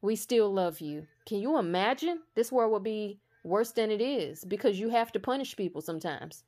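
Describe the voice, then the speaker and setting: A woman in a casual spiritual monologue, blunt and profane, speaking slowly and with emphasis, building to a heated intensity. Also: mid-range voice, animated, darkish tone. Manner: slow emphatic delivery that builds to raised intensity.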